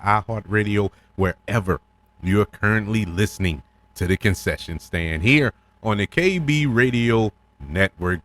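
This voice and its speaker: Excited man with a low voice reviewing a film. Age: middle-aged. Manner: enthusiastic, repeats himself, animated with laughs. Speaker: podcast host and film reviewer. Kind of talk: casual spoken film review.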